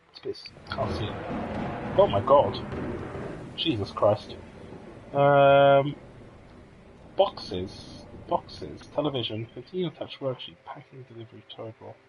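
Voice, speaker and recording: Lively man streaming a game. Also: medium pitch, a little hiss or hum, poor audio. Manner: lively, thinking aloud, reacts to the game. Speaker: let's play streamer. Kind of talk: casual gameplay commentary.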